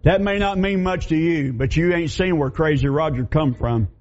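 A male pastor delivers a folksy sermon, slipping into the voices of people in his stories. His voice sits a little high. The recording is dull and lo-fi. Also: normal speed, darkish tone. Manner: folksy storytelling, acts out quoted voices. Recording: dull lo-fi sound.

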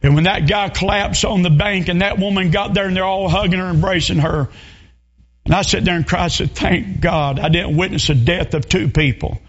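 A revival preacher from North Carolina with a Southern accent, telling a story emotionally and rising to shouts. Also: male voice, high-pitched, fairly even intonation, normal speed, muffled recording. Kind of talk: sermon storytelling.

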